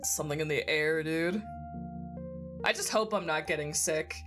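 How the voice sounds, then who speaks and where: Woman, streamer, low-ish voice, phlegmy, giggly, casual swearing, music playing. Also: moderate pace. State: phlegmy, congested throat. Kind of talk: casual chat while gaming. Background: game music.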